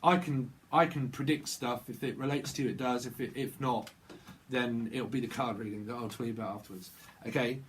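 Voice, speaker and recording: A man's voice: mid-range voice, fairly even intonation, brisk, a little hiss or hum. A man rambling through a channeled tarot reading, hopping between wordplay and chuckling at his own jokes. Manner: rambling free-association wordplay, laughing at himself. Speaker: tarot reader.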